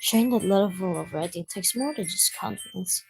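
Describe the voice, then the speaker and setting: Soft, hushed shy teen bookworm girl for a game read-through, voiced by a man; quiet and measured, a touch high. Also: vocal fry, soft background music, rough recording.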